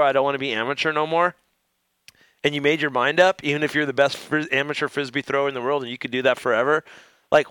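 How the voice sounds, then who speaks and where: A man co-hosting a talk show, loud and joking. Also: fairly high pitch, smooth, no echo. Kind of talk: casual talk radio chat.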